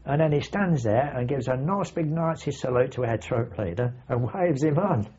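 An older man tells vivid, salty anecdotes in casual oral-history storytelling, with a husky voice. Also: medium pitch, animated, normal speed. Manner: vivid anecdotal, salty language, acts out his own shouts. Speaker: veteran recounting wartime memories. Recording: dull lo-fi archive recording.

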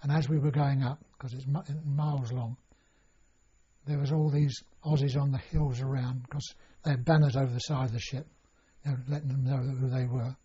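A man's voice: mid-range voice, level tone, normal speed, warm tone, slightly rough. An older man telling a long personal story in an oral history interview, rambling and full of fillers and restarts. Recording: dull lo-fi recording.

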